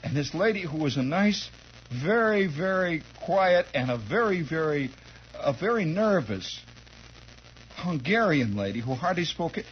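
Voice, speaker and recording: Man, radio host, comic storytelling monologue, chuckling, conversational, high-pitched, muffled 1960s broadcast sound. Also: measured pace, slight background noise. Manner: animated, chuckling, conversational yarn-spinning. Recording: dull lo-fi 1960s radio recording.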